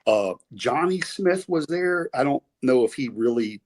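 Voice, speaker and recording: A middle-aged man with a Southern US accent talks casually as a podcast guest. His voice is husky and his pitch sits in the middle. He rambles, with many fillers and restarts. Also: expressive, a little slow, a little mellow. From American South. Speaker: podcast guest, former wrestler. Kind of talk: casual storytelling interview.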